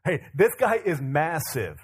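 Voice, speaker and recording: A male pastor preaching a sermon in an animated, casual storytelling way. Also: fairly high pitch, measured pace, husky.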